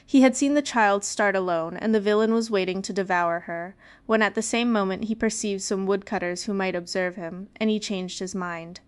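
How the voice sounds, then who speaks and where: Female storybook narrator; lively, with a smooth, resonant voice. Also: medium pitch, moderate pace, hardly any pauses. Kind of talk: storybook reading.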